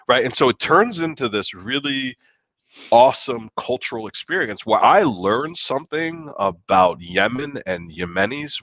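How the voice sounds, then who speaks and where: A lower-pitched American man with a bright, forceful voice tells a story, swearing freely and acting out what people said. The sound is dry and a little dull, like a podcast mic in a small room. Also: no room sound. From United States. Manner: animated, profane storytelling with acted-out quotes. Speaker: guest author.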